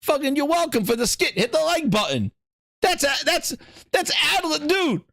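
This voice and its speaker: A man's voice: very high voice, sing-song, moderate pace, gravelly, a bit bright, dry recording, clean studio sound. A man hosting a gaming podcast, ranting and ad-libbing with plenty of profanity. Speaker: host. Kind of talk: comedic gaming podcast rant.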